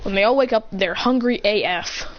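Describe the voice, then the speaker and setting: A woman's voice: medium pitch, normal speed. A woman telling an improvised fan story, rambling and correcting herself as she goes. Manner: rambling, self-correcting, breathless. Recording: muffled home recording with faint hiss.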